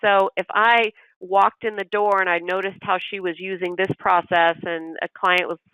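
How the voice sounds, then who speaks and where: Trainer for a business webinar, crisp and forceful with a gravelly edge, dry close sound, walks through examples. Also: mid-range voice, little pitch movement, normal speed, dry recording, low-quality recording. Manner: acts out manager dialogue in quotes.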